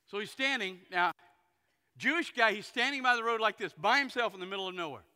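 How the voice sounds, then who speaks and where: A pastor preaching a sermon, telling stories folksily and acting out the characters. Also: male voice, sits high, fairly quick, pushed and bright, clean tone. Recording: long hall reverb.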